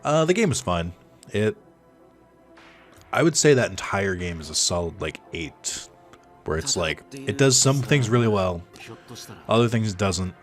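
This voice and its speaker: Low-voiced rambling gamer guy. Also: sing-song, a little slow, pauses often, faint music behind. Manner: rambling, filler-heavy, chuckling often. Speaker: gaming YouTuber. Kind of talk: casual storytelling over gameplay.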